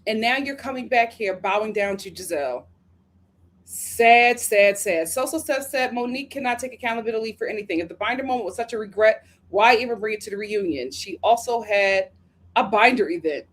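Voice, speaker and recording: An American woman hosting a live review stream. She reads viewer comments aloud and answers them in slangy, chatty talk, laughing often and drifting into quick asides. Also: on the high side, animated. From United States. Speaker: reality TV reviewer hosting a livestream. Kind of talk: casual livestream commentary reading viewer comments.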